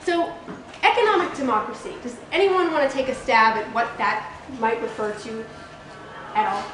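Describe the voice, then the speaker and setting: A woman giving a college guest lecture, hoarse from losing her voice, chatty with frequent ums. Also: on the high side, normal speed, fairly bright tone. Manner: participatory, conversational, frequent ums. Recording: echoey room with background noise.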